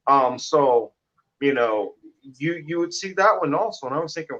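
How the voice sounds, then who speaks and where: A man from Kansas City talks through a story in a loose, rambling way, full of fillers. His voice sits a little high. The audio is muffled and lo-fi. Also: a little fast, fairly bright tone. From Kansas City, Missouri. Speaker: co-host. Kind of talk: casual panel discussion.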